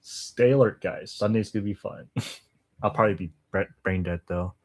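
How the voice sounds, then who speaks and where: A man's voice: fairly low pitch, normal speed. A young man, native English speaker, on a casual live stream, laughing and stumbling as he tries tongue twisters. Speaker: language-learning streamer.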